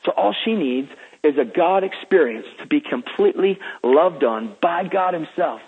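A man's voice: a little high, animated, moderate pace, breathy edge. A man who is a guest minister, telling stories in an eager, emphatic, preacherly way. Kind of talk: enthusiastic storytelling. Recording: phone-like radio line.

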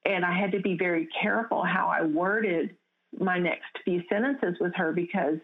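A woman's voice: lowish voice, normal speed. Earnest woman, tinny phone line. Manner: earnest storytelling with frequent restarts. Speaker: guest. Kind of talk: testimony in an interview.

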